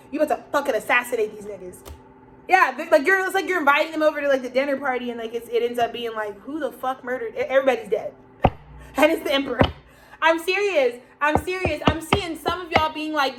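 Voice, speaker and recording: A woman's voice: sits high, quick pace, poor audio. A woman giving a rambling, profane spoken tarot reading, laughing often and acting out the people she quotes. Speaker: tarot reader.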